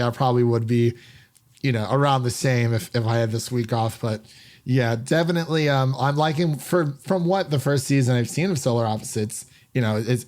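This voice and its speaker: An upbeat, chatty man hosts a relaxed podcast conversation. His voice sits at an ordinary middle pitch. He talks in an easygoing, friendly way. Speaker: podcast host. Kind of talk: casual podcast chat.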